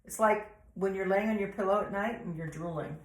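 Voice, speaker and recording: A woman with an American accent leading a vocal warm-up lesson, explaining patiently and breaking into sung vowel demonstrations. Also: medium pitch, fairly quick, echoey room, loud music behind the voice, rough recording. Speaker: vocal coach.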